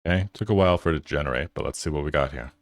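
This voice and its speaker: A man's voice: extremely low pitch, rapid-fire, no room sound. A man hosting a tech channel, giving loose, casual commentary over his screen and thinking aloud with fillers.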